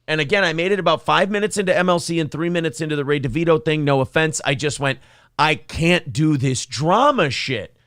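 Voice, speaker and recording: A man's voice: on the high side, fast, hardly any pauses, clear, resonant tone, dry recording, clean studio sound. A man hosting a podcast, telling stories in casual chat, acting out quotes and swearing freely. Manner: animated storyteller, acts out quotes, swears freely. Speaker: podcast host.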